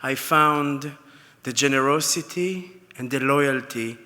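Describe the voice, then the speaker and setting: A man's voice: mid-range voice, takes it slowly, pushed and bright. Man in a reverberant hall. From Israel. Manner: anecdotal storytelling with fillers and restarts. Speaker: award recipient. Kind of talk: acceptance speech. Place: large banquet hall.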